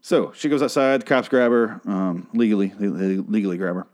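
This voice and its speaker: Rambling, sarcastic low-voiced man. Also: a little fast, a little mellow. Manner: rambling, sarcastic, swears a lot. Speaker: show recap host. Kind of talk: casual profane TV recap.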